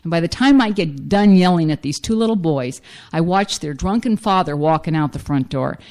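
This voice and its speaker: A woman's voice: lowish voice, lively intonation, moderate pace, a little mellow. A middle-aged woman giving a frank, self-mocking personal recovery testimony as a speaker at a meeting.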